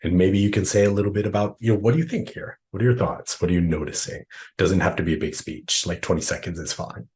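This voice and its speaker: A low-voiced man runs a training session for professionals. He talks casually, often ends points with tag questions and acts out what people think to themselves. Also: fast talker, a little mellow. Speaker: workshop trainer.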